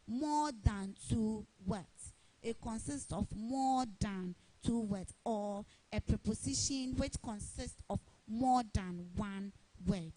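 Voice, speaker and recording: A woman giving a televised grammar lesson as a teacher, deliberately repeating each example sentence. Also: mid-range voice, dark tone, breathy edge, poor audio.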